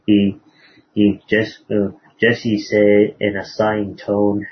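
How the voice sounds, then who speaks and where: Husky man telling a sermon story. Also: on the low side, level tone. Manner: halting, many fillers and restarts. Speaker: preacher. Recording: dull lo-fi recording.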